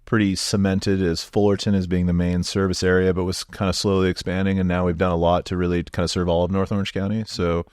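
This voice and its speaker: A man in his forties from Southern California, a nonprofit director telling stories in a relaxed podcast conversation, with plenty of fillers. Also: sits low, fast talker, few pauses, clean tone, no echo, clean studio sound. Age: 40s. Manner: relaxed storytelling, lots of fillers. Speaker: guest, nonprofit executive director.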